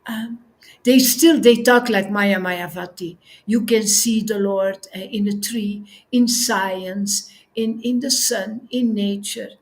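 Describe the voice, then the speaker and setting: High-voiced, slow, laughing woman teacher. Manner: laughs often while speaking, tearful and effusive. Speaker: spiritual teacher. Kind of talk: devotional talk.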